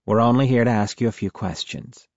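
A man's voice: medium pitch, fairly quick, vocal fry, dry recording, lo-fi sound, close to an everyday voice. A man voicing a cool, steely female federal agent in an audiobook, speaking in a clipped, official way.

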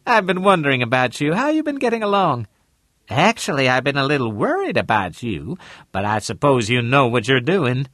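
A man voicing a brisk, plainspoken woman realtor in an audiobook, chatty and folksy. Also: mid-range voice, big pitch swings, fairly bright tone, no echo, studio quality, voice pushed up. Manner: chatty, folksy, drops into slang. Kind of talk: audiobook character reading.

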